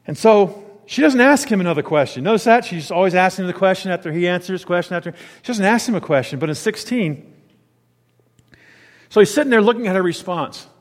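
A man preaching a sermon in a conversational, animated way, sometimes stopping to search for words. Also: sits high, brisk. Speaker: pastor. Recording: long reverb of a large hall.

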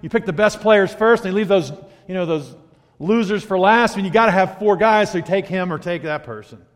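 Man, pastor, sermon, hushed to emphatic, slightly high voice, long hall reverb. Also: brisk. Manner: swings from hushed to loud emphatic.

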